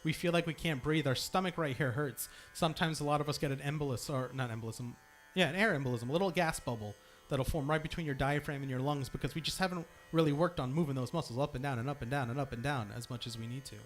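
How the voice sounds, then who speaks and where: With a little background noise present, a young man with a voice on the high side talks at a quick pace. He's the singing leader in a temple hall, guiding the congregation in practicing long sung notes with encouragement and demonstrations.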